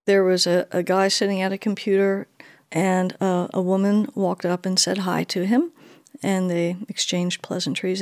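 A woman's voice: mid-range voice, dry recording, clean studio sound. A woman being interviewed, telling her own story with animation and acting out the dialogue she recounts. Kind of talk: personal storytelling.

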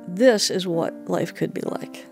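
A woman's voice: fairly low pitch, measured pace, creaky, darkish tone, faint music behind. A woman being interviewed, telling her own story with animation and acting out the dialogue she recounts. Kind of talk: personal storytelling.

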